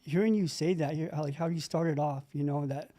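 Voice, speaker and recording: A middle-aged man speaks in a heartfelt, rambling way, full of fillers and restarts. His voice is mellow and sits a little high for a man. He is on a video call. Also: brisk. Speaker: meeting participant sharing.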